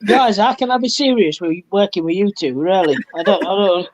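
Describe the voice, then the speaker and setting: A man's voice: high voice, brisk. A man guest on a live stream call, joking crudely with the hosts. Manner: crude banter. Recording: dull muffled call audio with faint hiss.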